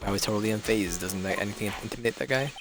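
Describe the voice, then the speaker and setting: A man's voice: fairly low pitch, rapid-fire. A man streaming a game live, reading dialogue and quipping casually. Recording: game music playing behind.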